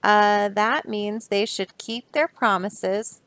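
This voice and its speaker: A woman's voice: mid-range voice, steady tone, takes it slowly, no room sound. A young adult woman reading a picture book aloud to children, stopping to explain the pages in a chatty, easygoing way. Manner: explaining, chatty asides, soft laughs. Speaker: storybook reader.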